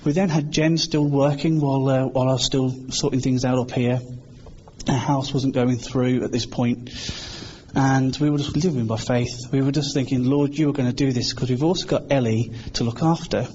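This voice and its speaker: A man's voice: mid-range voice, fairly even intonation, normal speed, darkish tone. British man, preacher, earnest and chatty sermon, slightly dull recording with faint hiss. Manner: earnest, conversational, acts out quoted voices. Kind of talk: informal sermon.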